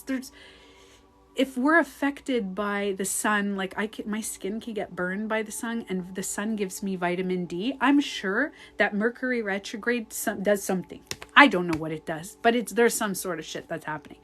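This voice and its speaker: A woman life coach talking casually into her phone on a live stream at home, animated and swearing freely as she acts out her own outbursts. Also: medium pitch, normal speed, soft background music. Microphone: phone on a ring light.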